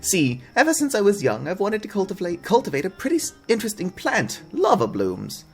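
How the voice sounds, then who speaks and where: A man voicing an excitable old woman gardener in a video game, talking in a high chirpy voice. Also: brisk, soft background music, exaggerated voice. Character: cheerful old woman gardener, eager and fussy.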